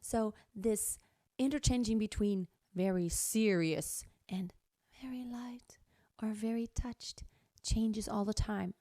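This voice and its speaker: A woman teaching a singing lesson, speaking with enthusiasm and encouragement and now and then dropping to a breathy tone to show voice colors. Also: medium pitch, slow pace, warm tone, no room sound, clean studio sound. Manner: enthusiastic, encouraging, shifts between strong and breathy tones. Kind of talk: vocal lesson with sung demonstrations.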